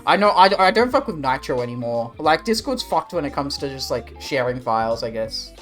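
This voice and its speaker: A man's voice: medium pitch, sing-song, a little fast, a bit bright, faint music behind. A young Australian man chatting casually with his stream viewers, rambling and swearing in a laid-back way. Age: young adult. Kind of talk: casual livestream chat.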